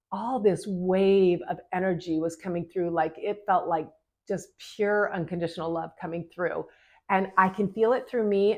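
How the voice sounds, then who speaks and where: A middle-aged woman, an energy healer, telling a heartfelt story about a client in an earnest, gently spiritual way, with long flowing phrases. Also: mid-range voice.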